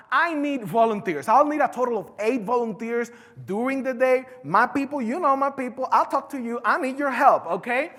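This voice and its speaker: A woman with a Spanish accent, a native Spanish speaker, giving a live conference talk in an animated, playful way and drawing in the audience. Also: a little high. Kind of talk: live keynote presentation. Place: large conference hall. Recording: echoey conference hall.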